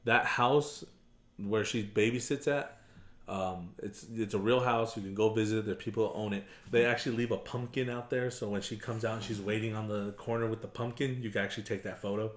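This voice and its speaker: A man's voice: fairly low pitch, a little fast. Casual male podcast host, echoey room. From Arizona. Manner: animated, laughs often, puts on silly voices. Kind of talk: casual chat.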